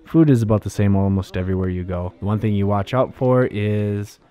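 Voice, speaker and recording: A man's voice: lowish voice, a little fast, mellow. A man casually recounting his travels as a vlogger, rambling with fillers and restarts. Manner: rambling, laid-back, many fillers and restarts.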